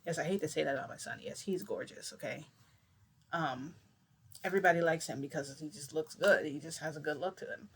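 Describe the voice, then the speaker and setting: A young woman vlogger casually tells a long, shifting story in a low, fairly quick voice, with slight background noise. Her rambling, animated retelling acts out what everyone said, with a bit of mild swearing.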